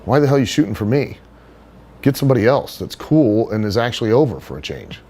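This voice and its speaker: A middle-aged man in an interview, telling stories in a casual, animated way. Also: quick pace, husky. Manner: animated storyteller, does high put-on voices for others. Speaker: wrestler being interviewed.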